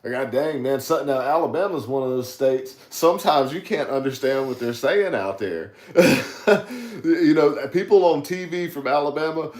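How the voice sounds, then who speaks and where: A man's voice: medium pitch, normal speed, hardly any pauses, darkish tone, reverberant. A man with a Southern accent from South Carolina, co-hosting a podcast in casual chat, easygoing with stammered restarts. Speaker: podcast co-host.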